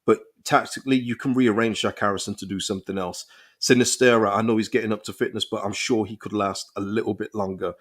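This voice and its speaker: A young man hosting a casual football live stream, reading viewers' comments and reacting with animated, restart-filled talk. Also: on the low side, fast. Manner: animated, thinks aloud with frequent restarts and repeated words. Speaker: football channel host reading live chat.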